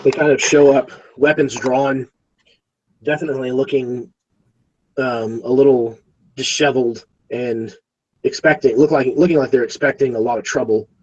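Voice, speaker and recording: A man with a husky voice, narrating a tabletop game as game master in a relaxed way with many fillers. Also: mid-range voice, moderate pace, lo-fi sound.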